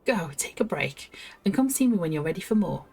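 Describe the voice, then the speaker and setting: A woman's voice: on the low side, very animated, a little fast, gravelly, a little mellow, slightly rough. A woman streaming a video game, chatting casually, laughing to herself and reading quest text aloud. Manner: chatty, giggly, talks to herself.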